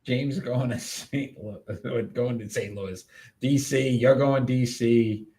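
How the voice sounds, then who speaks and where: Man, sports show co-host, mid-pitched voice, upbeat announcing, casual banter. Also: fairly even intonation, slow, mellow. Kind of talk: casual sports picks chat.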